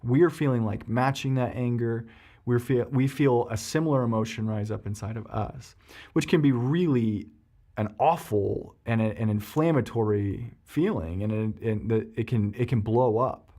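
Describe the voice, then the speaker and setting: A man, a therapist, explaining emotions on a podcast and telling a personal story, animated and full of ums and restarts. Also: medium pitch, normal speed.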